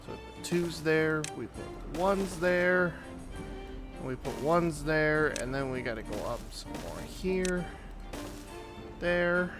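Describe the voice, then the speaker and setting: A man giving casual commentary on his own gameplay, thinking aloud as he builds in a relaxed way. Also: on the high side, slow, music in the background. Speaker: gaming YouTuber. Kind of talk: casual let's-play commentary.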